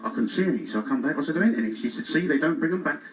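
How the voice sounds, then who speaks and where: In a cruise ship show lounge, an Englishman's impression of a classic comic comes out very fast and expressive, in a fairly high yet natural voice. He tells bumbling one-liners with self-mocking asides while the audience laughs, all picked up by a distant mic with faint noise.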